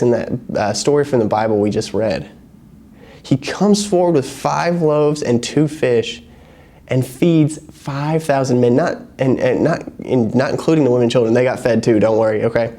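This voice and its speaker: A man's voice: medium pitch, a little slow. A young man preaching to a youth group in a casual, storytelling way, acting out the people in his stories. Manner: casual, animated storytelling with acted-out quotes. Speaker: youth pastor. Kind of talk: sermon.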